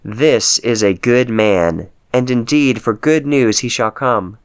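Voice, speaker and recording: A man reading aloud, voicing an old king crying out in grief for his son with wailing, drawn-out cries. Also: medium pitch, clean tone, natural voice. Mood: measured.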